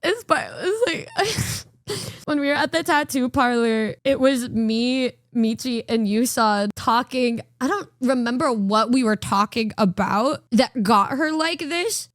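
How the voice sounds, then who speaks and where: A woman's voice: a little high, no room sound, clean studio sound. A woman streamer chatting casually while reacting to clips, teasing, giggly and swearing freely. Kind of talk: casual chat.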